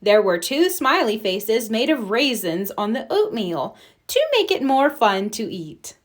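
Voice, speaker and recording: A woman narrating a children's storybook aloud in a gentle, expressive way. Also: a little high, a little slow. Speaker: storybook reader.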